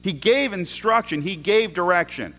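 Animated preacher with a high-ish voice. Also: male voice, normal speed. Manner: storytelling, swings from loud excitement to hushed asides, repeats words. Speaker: pastor. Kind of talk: sermon.

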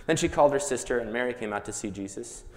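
A man leading a children's Bible lesson, playful and animated, coaxing the audience to join in. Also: medium pitch, fast. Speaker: children's Bible program leader. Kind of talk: lively kids' Bible lesson with skit. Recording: echoey hall.

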